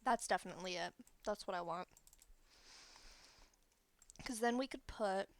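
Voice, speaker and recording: A woman's voice: medium pitch, measured pace, creaky. A woman streamer chatting casually and thinking aloud as she builds in a game, correcting herself as she goes, close to the microphone. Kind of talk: casual gameplay commentary.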